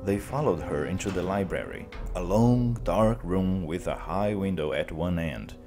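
A man teacher narrating a classic story slowly and clearly for language learners. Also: deep voice, over music. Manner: slow, clear, expressive.

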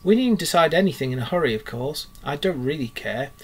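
A man voicing a boastful, excitable male toad gentleman in a grand, pompous manner, read aloud from a storybook. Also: on the high side, a little fast, breathy edge. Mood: coaxing.

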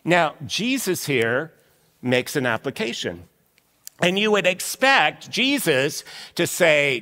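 A man preaching a sermon as lead pastor in an animated, conversational storytelling way. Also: high-pitched, slow pace. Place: church sanctuary. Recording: long reverb of a church hall.

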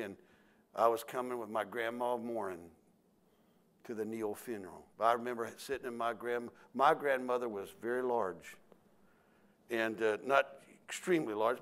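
A man's voice: mid-range voice, moderate pace. Older male pastor, folksy storyteller, acts out voices mid-sermon.

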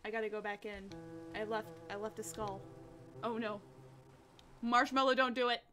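A woman hosting a let's play, chatting to game creatures and breaking into excited shrieks. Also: a little high, normal speed, faint music behind. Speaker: gaming channel host. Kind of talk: let's play gaming commentary.

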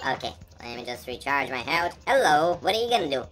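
A woman's voice: extremely low pitch, sing-song, brisk. A woman giving playful let's-play commentary, chatty and teasing as she talks to the characters on screen. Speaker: gameplay commentator. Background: game music.

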